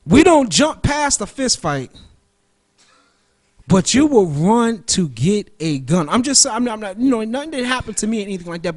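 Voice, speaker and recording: A man hosting a radio show, talking in a loose, profane, rambling monologue that jumps from topic to topic. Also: high voice. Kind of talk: casual solo monologue.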